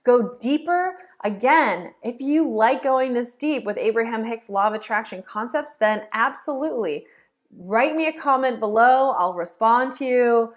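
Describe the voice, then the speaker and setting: An upbeat woman talks straight to her viewers like a teacher. Her voice sits a little high for a woman. She slips into lively imagined inner voices to make her points. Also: unhurried. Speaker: law of attraction teacher. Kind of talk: teaching to camera, casual.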